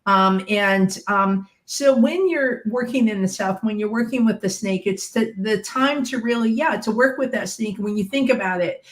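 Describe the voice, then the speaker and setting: A woman's voice: mid-range voice, normal speed, hardly any pauses. A woman who is a shamanic medium, explaining teachings on a podcast panel with plenty of everyday examples.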